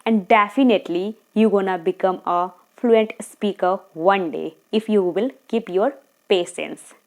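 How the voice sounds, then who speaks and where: A woman giving earnest, encouraging speaking tips straight to camera, talking fast at times and checking in with her viewers. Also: mid-range voice. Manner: talks fast, sometimes slows down deliberately. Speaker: English-speaking coach. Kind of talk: tutorial monologue to camera.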